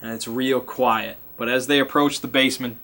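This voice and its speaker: A man's voice: mid-range voice, fairly even intonation, normal speed, sharp tone. A man acting as game master, casually recapping a tabletop game session in a chatty way. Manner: chatty, acts out sound effects and lines, laughs.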